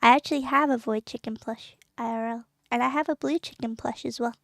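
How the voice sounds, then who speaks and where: A young woman streaming casually, giggly and excitable, chatting to her viewers. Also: fairly high pitch, fairly quick, no room sound, clean studio sound. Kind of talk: casual live-stream chat.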